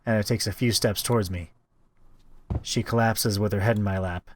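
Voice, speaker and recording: A man reading a visual novel aloud as a streamer, with quick asides of his own. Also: fairly low pitch, no room sound, clean studio sound. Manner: expressive, quick asides between read text. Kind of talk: reading a game aloud with commentary.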